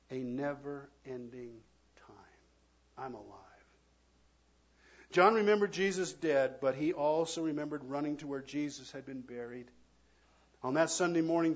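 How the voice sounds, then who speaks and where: Husky-voiced male pastor preaching. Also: a little high, highs cut off. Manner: preaching with dramatic swings from loud emphasis to hushed near-whispers. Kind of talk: sermon.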